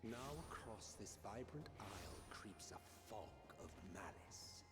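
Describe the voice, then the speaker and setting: A man voicing a grave narrator in cinematic game narration, measured and ominous, over music. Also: fairly low pitch, close to an everyday voice.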